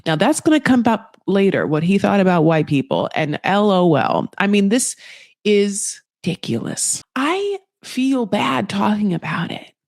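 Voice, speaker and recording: A woman's voice: medium pitch, very animated, unhurried, darkish tone, no room sound, clean studio sound. Rambling, gossipy woman recapping reality TV. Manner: rambling, gossipy, heavy on fillers. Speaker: podcast host. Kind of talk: casual reality TV recap commentary.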